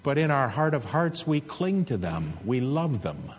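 A male preacher delivering an earnest, emphatic sermon with a husky voice. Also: medium pitch, sing-song, a little slow, big-room sound, a little hiss or hum. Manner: earnest, emphatic exhortation with rising intensity.

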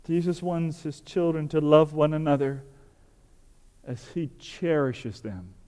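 A man delivers an earnest sermon in a smooth, mellow voice that sits a little high. His words ring out with the long reverb of a large hall, and his emphasis grows fervent. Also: unhurried. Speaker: pastor.

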